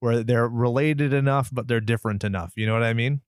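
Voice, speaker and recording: A man hosting a podcast with sarcastic, jokey banter and a casual habit of swearing. His pitch sits in an ordinary middle range. The recording is dry and close, with no room sound. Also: steady tone, a little fast, clear, resonant tone, no echo. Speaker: podcast host.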